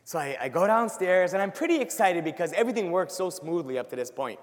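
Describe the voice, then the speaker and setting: A middle-aged man who works in ministry, telling a self-deprecating story as part of a sermon in an animated way. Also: high-pitched, quick pace. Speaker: ministry worker giving a talk. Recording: long hall reverb.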